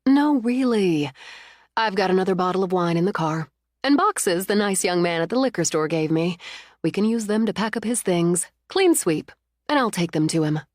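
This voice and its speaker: A woman's voice: fairly low pitch, expressive, normal speed, no room sound, studio quality, natural voice. A woman doing a fierce, doting middle-aged mother. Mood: indignant. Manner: warm, soothing, indignant.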